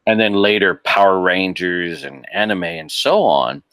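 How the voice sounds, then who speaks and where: Man, very low voice, dry close sound, animated casual podcast chat, laughs a lot. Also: a little slow, vocal fry, no room sound. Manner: animated, laughs often, frequent restarts. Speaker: podcast guest.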